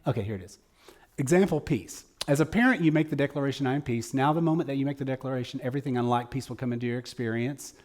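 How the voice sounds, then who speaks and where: A man giving a conversational sermon at a church service, earnest and folksy, moving between loud emphasis and quiet asides. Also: medium pitch, fast talker.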